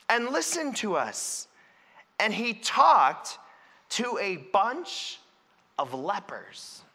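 A preacher as an outcast Samaritan leper. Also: male voice, high-pitched, sharp tone, exaggerated voice. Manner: earnest, emphatic storytelling. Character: grieving Samaritan leper man, outcast and earnest. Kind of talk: first-person dramatic sermon monologue. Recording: long reverb in a large hall.

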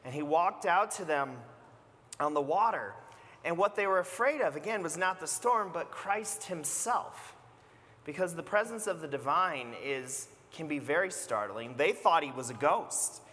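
A man preaching a sermon as pastor, retelling a story in a conversational, animated way. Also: on the high side, a little slow, big-room sound.

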